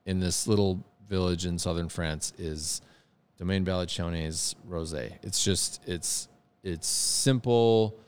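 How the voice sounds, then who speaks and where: A man's voice: low-pitched, takes it slowly, a little mellow, smooth. A man chatting casually and with enthusiasm, often repeating words as he searches for them. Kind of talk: casual chat.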